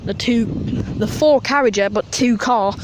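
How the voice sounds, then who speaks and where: A man, rambling and excitable as he films a casual walk-and-talk vlog at an outdoor metro station. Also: very high-pitched, unhurried. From North East England. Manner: chatty, rambling, excitable about train details. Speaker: transport vlogger. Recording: noisy outdoor station sound.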